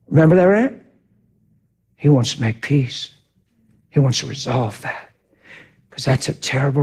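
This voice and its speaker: A man preaching a testimony in animated storytelling, swinging from shouts to hushed near-whispers. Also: medium pitch, breathy edge. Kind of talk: sermon testimony.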